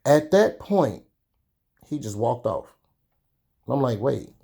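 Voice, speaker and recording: A young man talks candidly to his vlog viewers. His voice is mellow and warm at an ordinary pitch. He tells his story in a chatty way, with drawn-out pauses. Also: very animated, husky. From Chicago. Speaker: sneaker vlogger.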